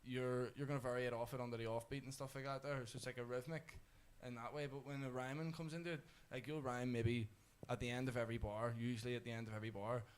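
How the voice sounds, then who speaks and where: A man's voice: mid-range voice, level tone, fast talker, hardly any pauses, smooth. Rambling young man. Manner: rambling explainer, restarts, many "like"s. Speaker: rapper guest. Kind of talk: casual radio studio chat.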